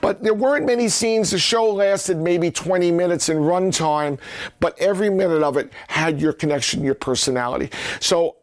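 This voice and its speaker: A man's voice: high-pitched, normal speed, soft background music. Man telling stories, acting out quotes. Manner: rambling, acts out quoted lines in lively voices. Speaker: prop collector recounting memories. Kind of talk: casual storytelling.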